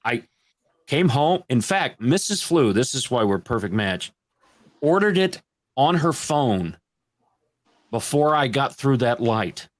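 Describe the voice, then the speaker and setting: A man from Illinois, a podcast guest telling crude, animated stories in a casual panel chat. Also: medium pitch, measured pace, pauses often.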